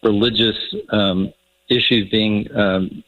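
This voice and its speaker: A man answering interview questions as a radio guest, measured and halting, with frequent fillers. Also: lowish voice, fairly even intonation, phone-quality sound. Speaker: phone-in guest official.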